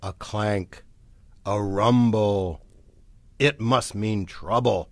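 A man, the book's author, reading his picture book aloud for children's storytime in a slow, expressive way. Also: lowish voice, no echo, faint music behind.

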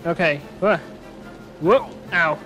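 A man giving let's-play commentary on a video game, with an animated, self-mocking and joking manner. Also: a little high, slow. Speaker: gaming commentator. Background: faint game music.

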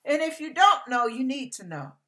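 A woman's voice: sits high, sing-song, moderate pace, a bit bright. A woman giving an emotional devotional sermon, fervent and emphatic, at times tearful. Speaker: devotional speaker.

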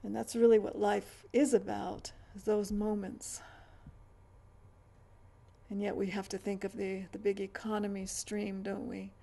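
Middle-aged female vlogger, mellow gravelly tone, meandering chatty delivery with stammers. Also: medium pitch, level tone, unhurried. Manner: chatty, stammering restarts, trailing asides. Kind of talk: rambling casual chat.

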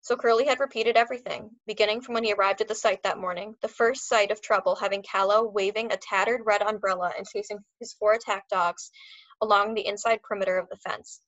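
A woman's voice: medium pitch, fast, no room sound, highs cut off. Woman reading a novel aloud. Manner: expressive, acts out characters.

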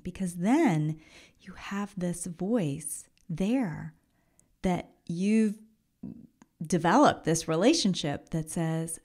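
A woman talks through her own podcast in a gentle, encouraging tone, often easing down to a near whisper. Her voice sits a little low, with a gravelly fry running under it. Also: slow. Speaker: podcast host and coach. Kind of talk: reflective solo podcast talk.

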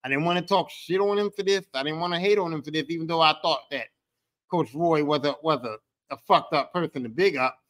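A man's voice: on the high side, brisk, a bit bright. A man hosting a podcast alone, ranting in a heated, profane, repetitive way. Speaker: podcast host. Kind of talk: angry solo podcast rant.

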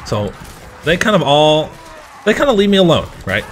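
A man playing a video game and commenting as he plays, swearing and shouting at the game, then rambling through a story. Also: fairly high pitch, moderate pace, a little hiss or hum. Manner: profane, excitable outbursts at the game; chatty, rambling anecdotes. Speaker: gamer.

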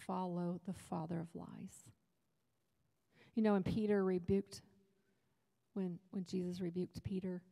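A woman's voice: lowish voice, gravelly, warm tone. Woman preaching in an echoing hall. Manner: conversational, humorous preaching with asides. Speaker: women's retreat speaker. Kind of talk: sermon. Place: church hall.

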